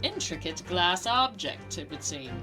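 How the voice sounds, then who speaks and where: A woman's voice: on the low side, big pitch swings, measured pace, rough recording. A woman reading a grand, theatrical male detective's lines aloud from a game, with game music behind. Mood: grandiose. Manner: reads game dialogue aloud dramatically.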